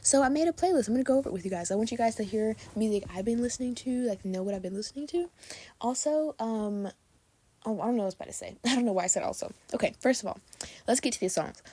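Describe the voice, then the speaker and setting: With a fast, mellow voice on the high side and lively intonation, a young woman hosts her podcast late at night. She's sleepy and tired but chats casually and gushes in a bubbly way.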